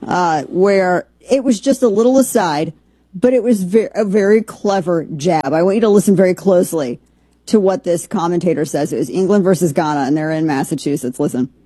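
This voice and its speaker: A woman's voice: lowish voice, a little fast, mellow, breathy edge, no room sound. A woman hosting a podcast in a rambling, casual commentary with sarcastic asides. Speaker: podcast host.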